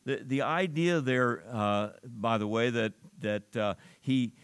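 A man's voice: mid-range voice, slow, clean tone, no echo. An older man preaching a sermon, talking it through in a conversational way with rhetorical questions and read-aloud scripture.

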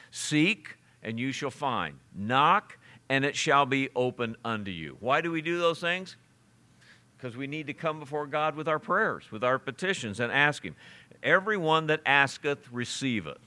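A man's voice: mid-range voice, pushed and bright. A pastor preaching a conversational sermon, reading scripture aloud and chuckling at his own stories.

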